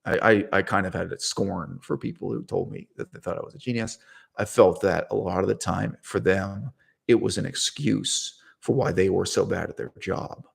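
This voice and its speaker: Brief: man, low gravelly voice, rambling self-correcting monologue. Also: steady tone, moderate pace. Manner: digressive, self-correcting, laughs at his own story. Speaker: channel host.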